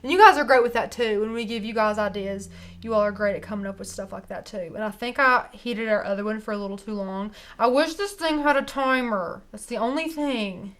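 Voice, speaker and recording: A woman's voice: a little high, brisk, fairly bright tone. Chatty Southern woman hosting a craft stream. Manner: chatty, upbeat, laughs often. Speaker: craft livestream host. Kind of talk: casual crafting demo livestream.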